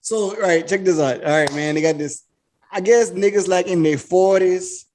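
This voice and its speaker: A podcast host with a fairly high voice chats and swaps stories in a loose, profane way. He often stops and restarts his sentences as he talks. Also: moderate pace, darkish tone, a little hiss or hum. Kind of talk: casual podcast chat.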